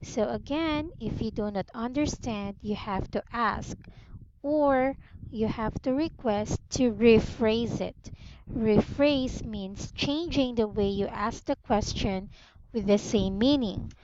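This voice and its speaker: A woman with a Filipino accent guides a student through an English lesson, speaking very slowly and encouraging with frequent praise. Her voice sits a little high. The video-call audio is muffled and has a faint hiss behind it. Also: darkish tone. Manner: slow, patient, encouraging, repeats "very good". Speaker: English tutor. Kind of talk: one-on-one online lesson.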